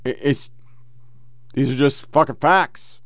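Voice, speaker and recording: Male podcast host, sarcastic, profane, heckling, smooth voice, dry close sound. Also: mid-range voice, a bit bright, no echo. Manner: sarcastic, heckling, reads quotes fast in a mocking tone. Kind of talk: profane political commentary reading quotes.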